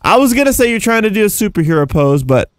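A young man giving casual, rambling gameplay commentary as a YouTuber, excitable and jumping between high and low. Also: fast talker, slight background noise. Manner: excitable, rambling, jumpy pitch swings. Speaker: gaming YouTuber.

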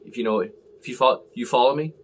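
A man's voice: medium pitch, fairly quick. A man talking casually and rambling as he reviews a beer on camera, full of fillers and self-deprecating asides.

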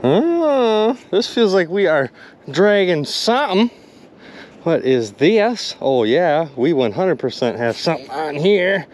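A man commenting excitedly to his viewers while magnet fishing outdoors by a river. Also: a little high, takes it slowly. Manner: excitable, addresses viewers as "you guys".

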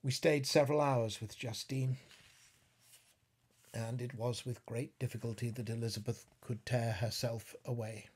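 A middle-aged man reads a classic novel in a grave, deliberate manner. He takes it slowly and sometimes rises to a fierce declamation. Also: mid-range voice, steady tone, a little mellow, slightly rough. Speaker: audiobook narrator. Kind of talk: dramatic literary reading.

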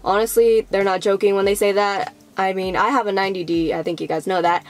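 A woman's voice: medium pitch, steady tone, brisk. A young woman vlogging casually to the camera, rambling with lots of fillers and acting out how people reacted.

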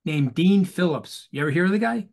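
A man talking as a guest in an animated interview over a video call, emphatic and rhetorical, repeating phrases for effect. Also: high-pitched, brisk, creaky.

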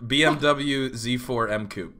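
A man's voice: medium pitch, measured pace, sharp tone, slight background noise. A man hosting a live stream, casually chatting and improvising playful rhymes for subscribers. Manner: playful, jokey, hypes up rhymes. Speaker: livestream host.

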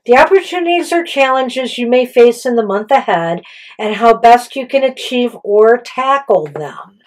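A woman's voice: on the high side, animated, moderate pace, darkish tone, poor audio. A woman co-hosting a casual tarot reading, talking loosely with many fillers and self-corrections. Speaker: tarot reader and co-host.

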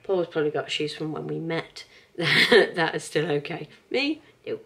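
A woman's voice: low voice, animated, unhurried, gravelly, a bit bright. A woman in her thirties chatting casually at home in a rambling, cheerful vlog, laughing often. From England. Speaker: vlogger.

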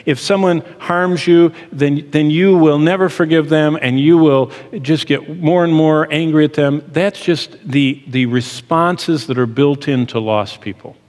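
A man's voice: fairly high pitch, a little slow, hardly any pauses, a little mellow. Middle-aged man teaching in echoing hall. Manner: earnest, explanatory, emphatic. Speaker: Bible teacher. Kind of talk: teaching sermon. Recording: long hall reverb.

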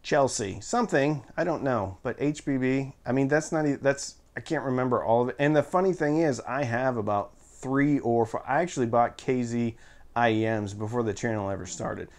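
A mid-pitched man talks through a budget gear review in a casual, chatty way. He is offhand and throws in jokey asides as he goes. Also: moderate pace, a little mellow.

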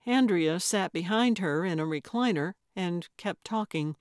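A woman narrating a cozy mystery audiobook in a calm, measured way. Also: fairly low pitch, no echo, clean studio sound. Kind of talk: scripted narration.

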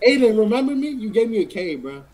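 A man's voice: high voice, sing-song, quick pace, darkish tone. A young man on a video call as a fan, earnest and grateful, laid-back in casual chat.

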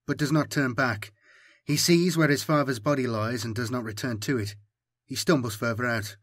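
Brief: male narrator, grave and measured, slightly raspy, dry close-miked read. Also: mid-range voice, no room sound. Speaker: audiobook narrator. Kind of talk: scripted audiobook narration.

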